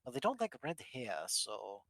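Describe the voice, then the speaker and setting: A woman's voice: very deep voice, big pitch swings, moderate pace, vocal fry, no room sound. A woman chatting in character as a doctor in a roleplay game, rambling with fillers and laughing often. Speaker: roleplay streamer playing a doctor.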